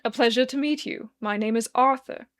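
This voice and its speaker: A woman voicing a kindly, composed man who speaks gently and reassuringly. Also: on the high side, moderate pace, natural voice. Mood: friendly.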